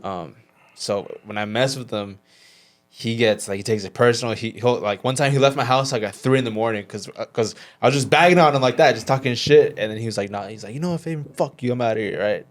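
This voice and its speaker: A man co-hosting a podcast, chatting casually and asking questions in a laid-back, halting way. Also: mid-range voice. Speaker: podcast co-host. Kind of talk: casual chat.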